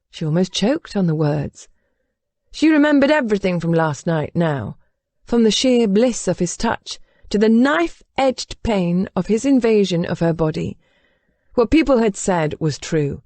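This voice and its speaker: A woman narrating a historical romance audiobook in an expressive, scripted reading style. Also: mid-range voice, unhurried, no room sound.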